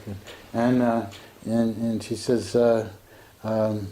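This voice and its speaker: A man, a Sufi teacher, retells a teaching story in a halting way, full of fillers and restarts. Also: fairly low pitch, flat delivery, dark tone, slight background noise, poor audio.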